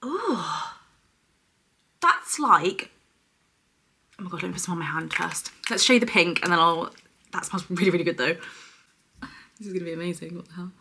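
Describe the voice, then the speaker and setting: A young woman talks through an unboxing in a chatty, gushing way. Her voice sits a little low but rings bright and forceful, with a husky edge. Now and then she drops to a soft hush as she shows each item. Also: expressive, moderate pace, long pauses. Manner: chatty and effusive, often dropping to a soft hush over products. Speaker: beauty vlogger. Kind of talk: casual unboxing chat.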